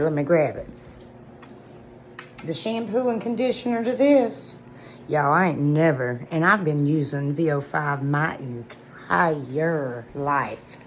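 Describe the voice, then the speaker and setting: A low-voiced woman in her forties with a drawl speaks in a chatty, excitable vlog style. She talks right at her viewers, full of enthusiasm. A faint background noise sits under her voice. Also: low-quality recording. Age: 40s. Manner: excitable, chatty, talks straight to viewers with lots of "y'all" and "listen". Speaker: vlogger reviewing products. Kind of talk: casual product review vlog.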